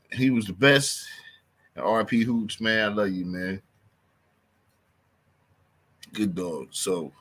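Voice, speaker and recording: A man's voice: lowish voice, a bit bright, breathy edge. A man hosting his own podcast, talking loosely in casual street slang and repeating himself for emphasis. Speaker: podcast host.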